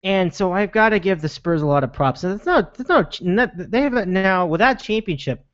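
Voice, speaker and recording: A man's voice: high-pitched, lively intonation, normal speed, a bit bright, no room sound. A man hosting a sports podcast in casual chat, rambling with lots of restarts and fillers. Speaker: podcast host. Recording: dull lo-fi sound.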